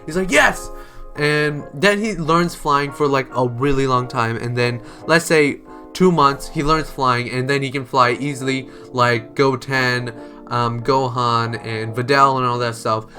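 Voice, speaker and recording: A man improvising a fan story aloud, rambling and chatty with constant "like" and "um". His voice is bright and edgy at a middling pitch, with faint music playing behind. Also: fairly even intonation, unhurried. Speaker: storyteller, channel host.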